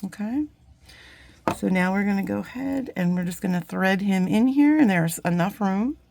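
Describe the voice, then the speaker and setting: A woman's voice: medium pitch, expressive, moderate pace, creaky, darkish tone. A woman chatting casually while demonstrating a jewelry craft, rambling and getting sidetracked in a friendly way. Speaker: jewelry-making YouTuber. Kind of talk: casual crafting tutorial chat.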